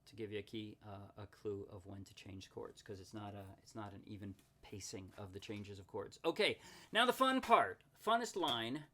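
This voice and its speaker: In a casual tutorial, a man explains ukulele chords and strumming, chatty and often correcting himself with quick apologies. His voice is on the low side with lively intonation, and ukulele playing is heard in the background.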